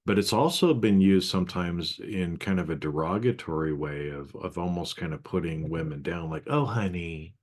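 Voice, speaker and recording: A man with a notably deep, low-pitched voice co-hosts a casual podcast. He thinks out loud in short, halting phrases with a reflective tone. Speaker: podcast co-host.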